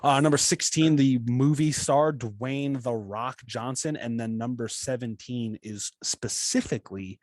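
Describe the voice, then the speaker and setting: A man's voice: medium pitch, fairly even intonation, unhurried, few pauses, a little mellow, dry recording. A young man co-hosting a podcast, chatting casually in a jokey, rambling way. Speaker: podcast co-host.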